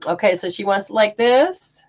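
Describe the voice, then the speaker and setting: A woman's voice: mid-range voice, lively intonation, moderate pace. A woman hosting a casual live spirit reading, rambling, laughing often and acting out what the spirits say. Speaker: spiritual healer and medium.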